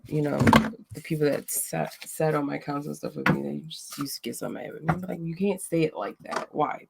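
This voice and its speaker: Blunt gravelly woman chatting. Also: sits low, noisy background. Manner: blunt, profane, roasting a chat troll. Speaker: livestream host. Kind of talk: casual livestream chat.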